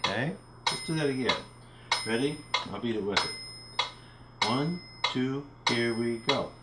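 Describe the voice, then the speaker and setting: A man's voice: medium pitch, expressive, measured pace, roomy sound, heavy background noise. A man teaching a recorded music literacy lesson from home, explaining symbols and chanting rhythm syllables as he counts. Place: home room.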